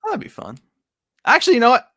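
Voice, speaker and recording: Lively, bright-voiced young man chatting. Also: very high-pitched, fast talker, no room sound, studio quality. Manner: animated, laughing often, trails off into mumbles. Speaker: podcast co-host. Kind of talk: casual comic review chat.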